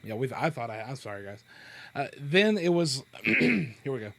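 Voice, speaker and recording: A man's voice: mid-range voice, sing-song, gravelly, a bit bright, slight background noise. Man reading a novel aloud, stopping to correct himself. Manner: halting, self-correcting reading with chuckles. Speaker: podcast host.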